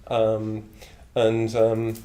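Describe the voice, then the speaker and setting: A man's voice: on the low side, monotone, drawn-out words, mellow. Older northern English man telling stories. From Middlesbrough, northern England. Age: 70s. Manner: blunt, digressive, chuckling storyteller. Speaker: Buddhist order member. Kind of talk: reflective anecdotal talk. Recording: echoey room with faint ambience.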